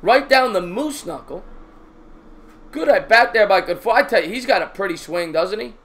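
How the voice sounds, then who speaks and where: A man streaming his own baseball play-by-play, calling pitches and chatting with viewers in a jokey, excitable way. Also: moderate pace. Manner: excitable, raises voice on big hits. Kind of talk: live-stream baseball play-by-play with chat shout-outs.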